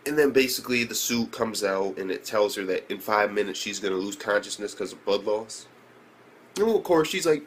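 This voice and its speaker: A man recapping an anime episode in a casual, profane, rambling way, breaking into shrill disbelieving outbursts. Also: brisk, slight background noise. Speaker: anime reviewer.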